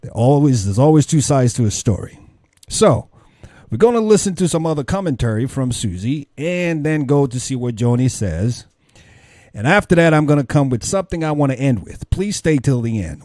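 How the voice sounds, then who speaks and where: Male commentary host, preachy and questioning, warm dark voice, dry recording. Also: mid-range voice, dry recording. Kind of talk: religious commentary.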